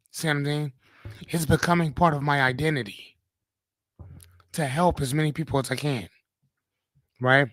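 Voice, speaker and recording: A man's voice: fairly high pitch, normal speed, long pauses, a bit bright, no room sound. A man hosting a live-streamed motivational talk, speaking casually, swearing freely and often checking in with "right?". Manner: casual, profane, keeps asking "right?".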